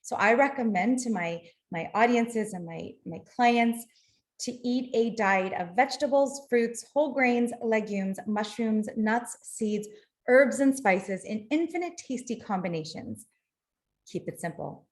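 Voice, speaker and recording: A woman's voice: a little high, lively intonation, unhurried. Middle-aged woman, webinar lecturer, practical, explanatory, computer mic. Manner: explanatory, practical, apologetic when slides fail. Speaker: nutrition lecturer. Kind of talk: webinar presentation.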